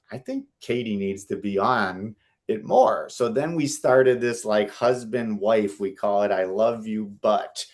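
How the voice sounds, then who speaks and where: Male podcast host in his 30s, lowish voice, chatty and rambling. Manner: chatty, rambling, lots of fillers. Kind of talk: casual interview talk.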